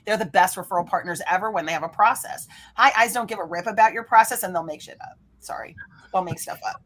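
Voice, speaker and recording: A woman speaking as a podcast guest, explaining networking styles in an energetic way and acting out the people she quotes. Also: mid-range voice, fast. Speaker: guest, referral coach. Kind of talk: animated podcast interview talk.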